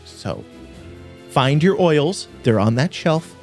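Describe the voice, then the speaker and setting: A man's voice: on the high side, big pitch swings, soft background music, heavily acted. A man voicing a fussy female shopkeeper who scolds a pushy customer. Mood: scolding. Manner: scolding, brisk.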